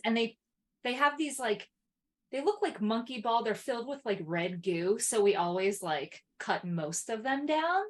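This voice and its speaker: A woman's voice: a little high, lively intonation, measured pace. A woman co-hosting a podcast, chatty and giggly as she rambles through anecdotes. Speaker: podcast co-host. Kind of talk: casual chat.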